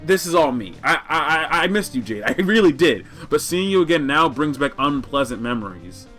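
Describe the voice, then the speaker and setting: A man voicing a sardonic teenage girl, in a measured, wordy manner. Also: on the high side, very animated, a bit bright, faint music behind. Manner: measured, wordy, self-deprecating.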